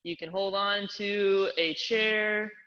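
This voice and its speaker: A man's voice: sits high, fairly even intonation, slow, bright, forceful tone, muffled recording. A man coaching a live online workout, calling out exercises and reps in an upbeat, joking way. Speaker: fitness coach.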